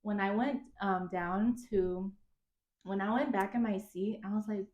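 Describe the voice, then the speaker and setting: A young woman, co-hosting a casual podcast chat, excitable and laughing as she quotes people in her stories. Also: medium pitch, unhurried, highs cut off. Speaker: podcast co-host.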